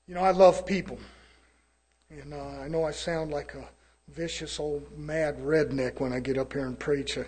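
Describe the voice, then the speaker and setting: A preacher from California, a man preaching a fiery sermon in a folksy way, swinging from loud to low. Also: fairly even intonation, normal speed, noisy background.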